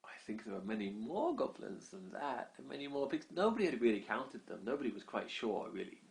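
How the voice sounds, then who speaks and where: An adult parent making up a bedtime story for a child, speaking softly and unhurriedly, often dropping low and quiet. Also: big pitch swings, brisk, gravelly.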